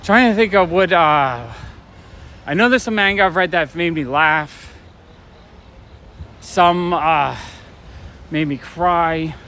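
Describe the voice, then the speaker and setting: A man's voice: a little high, slow pace, long pauses, bright, forceful tone, slight background noise. A man hosting a live stream while walking outdoors at night. He chats casually and enthusiastically, with lots of fillers and restarts. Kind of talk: casual rambling chat. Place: city street at night, outdoors. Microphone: handheld phone or camera while walking.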